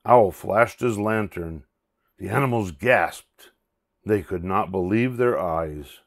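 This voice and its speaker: An older man reading a children's storybook aloud, expressive and playful. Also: sits low, slow.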